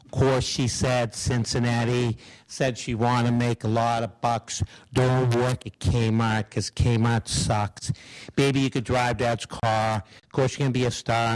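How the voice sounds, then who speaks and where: A droning savant character sings in a low, flat monotone and keeps repeating his words. A man puts on this impression on stage. The voice sits far below the comedian's own bright tone. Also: unhurried, natural voice. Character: impression of an autistic savant film character singing.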